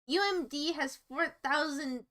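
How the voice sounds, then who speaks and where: A young woman talks to her live-stream viewers in a high, bright voice. She rambles playfully from one silly topic to the next and pokes fun at herself as she goes. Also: measured pace. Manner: silly, rambling, self-mocking, jumps between topics. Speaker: livestreamer.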